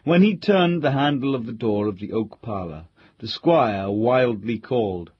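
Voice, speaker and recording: A man reading a classic ghost story aloud, in measured storytelling narration. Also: mid-range voice, lively intonation, breathy edge, no echo, dull audio. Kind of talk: scripted audiobook narration.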